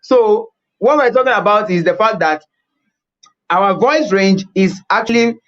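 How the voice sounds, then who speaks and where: High-voiced man teaching singing. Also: a little slow, fairly bright tone, dull audio, slight background noise. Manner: repeats key points, demonstrates at the piano. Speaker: vocal coach. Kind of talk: teaching a music webinar.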